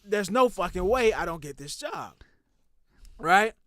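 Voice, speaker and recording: A young man hosting a podcast, telling a long story in a loud, profane, animated way that drops to muttering. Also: high voice, a little slow, dry recording, studio quality. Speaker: podcast host.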